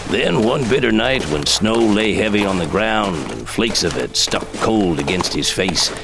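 A man reading a story aloud in measured, expressive audiobook narration. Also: lowish voice, creaky. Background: soft background music.

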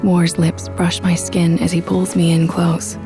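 A young woman narrating a first-person audiobook in a soft, intimate, reflective way. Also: fairly low pitch, little pitch movement, a little slow. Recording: with background music.

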